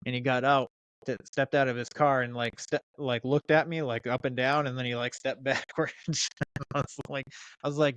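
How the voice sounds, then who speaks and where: Guy in his 30s, smooth clear voice, cusses a lot, lots of um and like, chatty podcast vibe. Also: medium pitch, fairly even intonation, moderate pace, a bit bright, no echo, highs cut off. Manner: profane storytelling with frequent fillers and restarts. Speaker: podcast guest. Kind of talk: casual chat.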